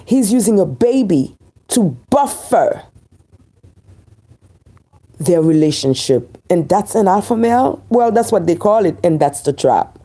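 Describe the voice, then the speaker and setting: A woman from Haiti with a Haitian accent, giving an emphatic, preachy opinion commentary and repeating key phrases slowly for weight. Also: lowish voice, animated, warm tone.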